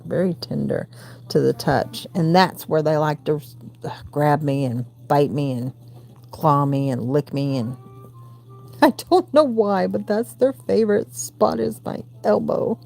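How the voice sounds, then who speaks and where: Southern woman in her forties, craft stream host, dark mellow voice, rambling chatter. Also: deep voice, sing-song, unhurried, gravelly. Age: 40s. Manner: rambling, coos baby talk to her cats. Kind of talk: casual livestream chat. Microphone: phone.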